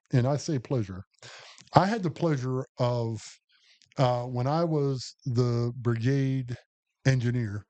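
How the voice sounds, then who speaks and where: Slow, rambling man telling war stories. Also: mid-range voice, warm tone. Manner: rambling, anecdotal, heavy with fillers. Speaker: podcast co-host and Army veteran. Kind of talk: casual storytelling chat.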